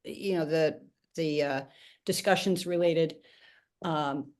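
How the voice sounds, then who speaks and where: Low-voiced woman moderator, animated. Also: slow. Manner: animated, searching for words. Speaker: host and moderator. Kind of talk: conversational interview on a video call.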